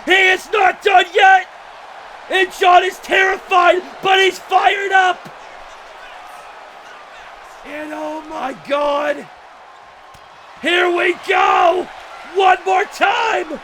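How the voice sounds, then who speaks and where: Young male wrestling commentator, frantic shouty play-by-play, noisy venue. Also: very high-pitched, steady tone, very slow, pauses often. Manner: frantic, shouting, disbelieving outbursts. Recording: loud crowd and noisy venue. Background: cheering crowd.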